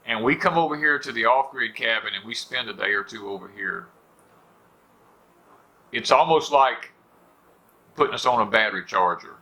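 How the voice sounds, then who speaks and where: A man's voice: mid-range voice, sharp tone. A middle-aged man with a Southern US accent, hosting a rambling, folksy porch talk for viewers and leaning on "you know" fillers. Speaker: homestead channel host. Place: on a porch at home.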